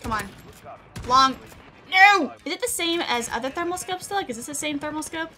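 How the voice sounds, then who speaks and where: Woman gamer, high bright voice, bubbly play-by-play with lots of laughs, faint game music behind. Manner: excitable, self-deprecating, quick to laugh. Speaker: gaming video creator. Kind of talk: live gameplay commentary.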